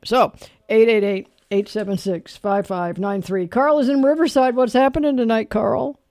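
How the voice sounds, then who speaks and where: A man's voice: high voice, steady tone, normal speed, darkish tone, no room sound. A man hosting a late-night radio call-in show, chatting easily with callers and dropping dry quips. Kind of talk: casual call-in chat.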